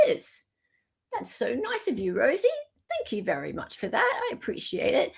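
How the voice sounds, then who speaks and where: A woman's voice: a little high, huge pitch swings, normal speed, vocal fry, slightly rough. Chatty Australian woman hosting a livestream. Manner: chatty, laughs often, thanks viewers warmly by name. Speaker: livestream host. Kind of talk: casual livestream chat, reading viewer comments.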